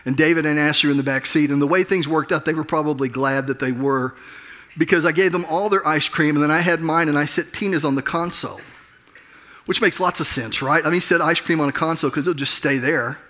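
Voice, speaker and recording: This middle-aged pastor's voice is fairly high and sharp, and he speaks quickly. During his sermon he shares a personal story in a conversational, self-deprecating way, with frequent restarts.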